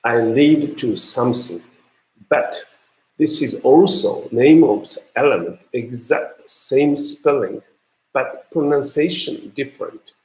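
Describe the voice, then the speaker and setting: Guy teaching a class, slow and halting, lots of ums, echoey room. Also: medium pitch, darkish tone. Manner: halting, many ums and uhs. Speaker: university lecturer. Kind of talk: classroom lecture on pronunciation.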